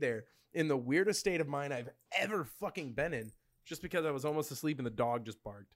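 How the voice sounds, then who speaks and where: A young man chatting casually, rambling and profane, with a middle-pitched voice. He tells his stories loosely and laughs often. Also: expressive, fast. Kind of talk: casual chat.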